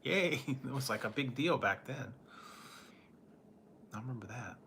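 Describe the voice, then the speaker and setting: Chuckling man rambling, bright voice. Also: medium pitch, measured pace, vocal fry, a little hiss or hum. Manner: rambling, chuckles often between remarks; nostalgic, trails off and restarts. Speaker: food reviewer reading live chat. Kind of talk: casual chat.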